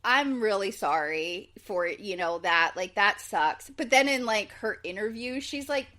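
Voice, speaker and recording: Speaking at a measured pace in a medium pitch, this woman co-hosts a podcast and recaps a reality show in a relaxed, chatty way. Her talk is full of fillers like "um" and "like," and she quotes people with lively voices.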